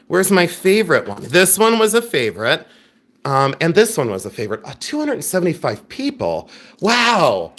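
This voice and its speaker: A man's voice: fairly high pitch, wildly swooping pitch, moderate pace, a bit bright. A middle-aged man hosting a live jewelry sale, chatty and joking, thanking viewers by name as he shows items. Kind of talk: live-stream selling chat.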